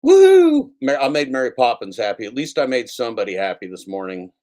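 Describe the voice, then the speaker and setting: A man's voice: fairly low pitch, quick pace. A man hosting his own livestream, rambling casually with frequent swearing and self-mocking repeats. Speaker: livestream host. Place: home setup with computer.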